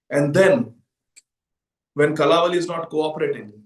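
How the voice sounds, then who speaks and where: A man giving an animated devotional storytelling discourse as a preacher, acting out the voices and laughing often. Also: a little high, measured pace. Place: large indoor temple hall. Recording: echoey temple hall from far off.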